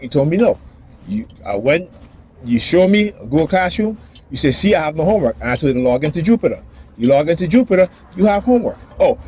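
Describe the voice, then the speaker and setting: A man's voice: on the high side, darkish tone, a little hiss or hum. A father filming himself outdoors, ranting about his family and acting out the arguments in voices. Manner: agitated, repetitive, acts out quoted dialogue. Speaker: father vlogger. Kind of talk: ranting personal vlog. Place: outdoors near a building and street traffic.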